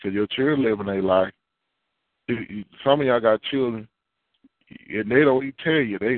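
A man preaching a sermon as a pastor, animated and acting out little dialogues, with repeated words. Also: medium pitch, normal speed, pauses often, dry recording. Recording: tinny phone-like line.

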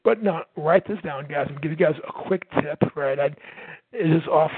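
Loud, energetic man on a tinny line. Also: fairly high pitch, moderate pace, slightly rough, dry recording. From United States. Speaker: sales coach and podcast host. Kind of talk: motivational talk. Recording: tinny phone-like line, dry.

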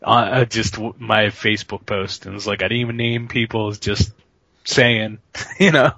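A man's voice: fairly low pitch, steady tone, normal speed, creaky, bright, forceful tone, breathy edge, no echo, dull audio. A man co-hosting a casual movie commentary podcast, rambling and laughing as he trails off mid-thought. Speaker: podcast co-host.

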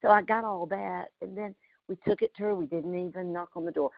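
A woman's voice: fairly low pitch, fairly quick, vocal fry, dry recording. A middle-aged woman, hosting a community call and telling heartfelt personal stories in a folksy, emotional way. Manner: folksy, emotional, often laughing. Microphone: video call. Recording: dull lo-fi call audio.

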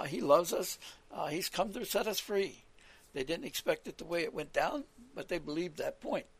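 Male preacher, high gravelly voice, rambling earnest delivery. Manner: earnest, rambling, repeats words and restarts. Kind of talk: scripture teaching on a radio call.

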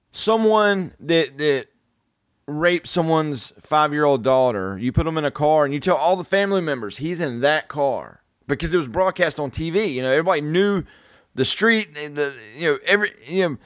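A man co-hosts a film podcast, talking loosely and circling back over his words as he reacts to the story. His voice sits a little high for a man. The sound is dry and close, with no room around it. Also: lively intonation, moderate pace, no room sound. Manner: rambling, repeats words, conversational. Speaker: podcast co-host. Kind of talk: casual movie review chat.

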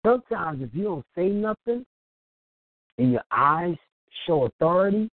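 A man's voice: high voice, sing-song, measured pace, no echo. A man on an internet radio show, telling a story with chuckles and playing the other people's voices, then giving advice. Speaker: small business owner on an internet radio show. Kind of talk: animated anecdote and advice. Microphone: phone. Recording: tinny dry phone line.

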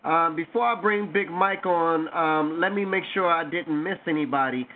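A man hosting a call-in radio talk show, taking callers and closing with a drawn-out, preachy sermon-like speech. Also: on the high side. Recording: tinny phone-line sound with faint noise.

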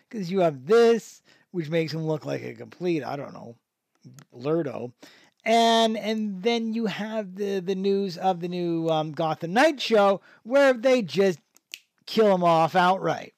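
A man's voice: high-pitched, no echo, studio quality. A man hosting a podcast, reviewing in a rambling, casual way with lots of fillers, restarts and chuckling asides. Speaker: podcast host.

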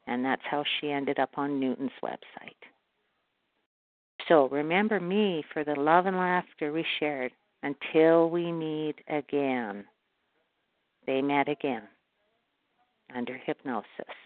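Woman from Canada, low-pitched guest. Calm channeled talk, speaks of herself in the third person. Phone-line sound. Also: dry recording. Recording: phone-like call audio.

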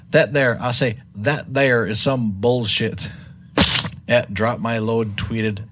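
A man hosting a comedy segment where he reads tweets aloud in a brisk, mocking way, chuckling along. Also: mid-range voice. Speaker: segment contributor reading tweets. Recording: noisy separate recording.

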